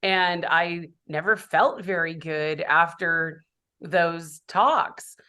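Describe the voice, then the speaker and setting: A woman's voice: on the low side, steady tone, very slow, pushed and bright. A woman who works as a public speaker, a guest in a podcast conversation, talking reflectively and candidly about her own life.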